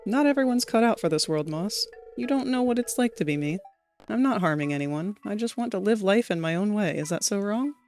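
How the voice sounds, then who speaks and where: A woman's voice: mid-range voice, lively intonation, fairly quick, darkish tone, faint music behind, lightly acted. Shy hermit guy, earnest and pleading, read plainly by a woman streamer. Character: shy defensive hermit man. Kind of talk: reading a game cutscene aloud.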